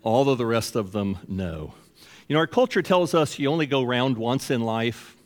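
A man's voice: medium pitch, animated, moderate pace, in a large hall. A man in his sixties, a pastor, giving a conversational sermon that is broken up by acted-out dialogues. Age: 60s.

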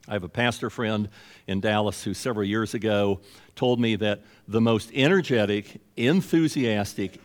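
A man's voice: medium pitch, long reverb tail. Older male pastor preaching conversationally. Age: 60s. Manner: conversational preaching with acted dialogues. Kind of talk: sermon.

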